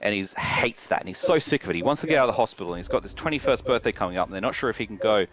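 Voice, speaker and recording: A man's voice: fairly low pitch, expressive, very fast, a crowd in the background, low-quality recording. A man streaming a game with friends, telling rambling, swear-filled stories in casual chat. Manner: rambling anecdotes, frequent swearing. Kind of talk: casual chat while gaming.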